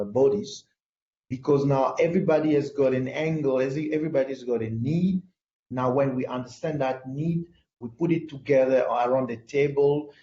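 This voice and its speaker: A man's voice: medium pitch, warm tone, muffled recording, slight background noise. French-accented man on a roomy call. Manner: hesitant, many fillers and restarts. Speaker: panel speaker. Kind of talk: online panel discussion. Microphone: video call.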